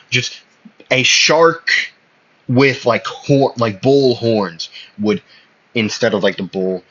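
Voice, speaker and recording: This man speaks slowly in a mid-range, fairly bright voice, loosely narrating his own anime fan fiction. The slightly muffled clip is full of hesitation, filler words, and self-corrections as he rambles along.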